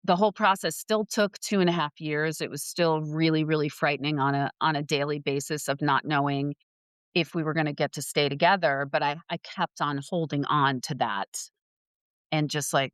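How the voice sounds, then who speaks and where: A woman guest on a podcast, telling a personal story with lively acted-out quotes. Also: low voice, normal speed, smooth, no echo. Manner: animated storyteller who acts out quoted voices.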